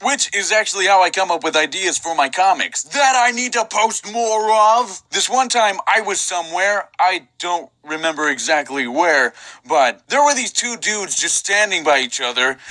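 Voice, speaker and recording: A young man with a high, bright, very lively voice tells funny stories on himself, jumping to loud outbursts. The sound is close and dry. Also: normal speed, dry recording, low-quality recording. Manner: animated, self-mocking, bursts into shouting. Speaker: animation vlogger. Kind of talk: comic storytime narration.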